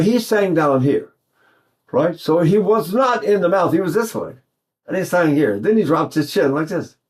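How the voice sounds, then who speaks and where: An older man, a voice teacher, giving a casual, chatty singing lesson and breaking off to demonstrate sounds. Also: on the high side. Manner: animated, chatty, sings and buzzes examples, mimics Italian speech.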